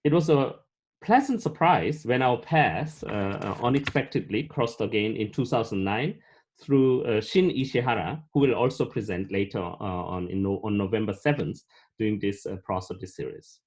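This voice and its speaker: A man's voice: on the low side, moderate pace, darkish tone. A man hosting an academic colloquium, introducing the speaker formally with many hesitant fillers. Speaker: colloquium host.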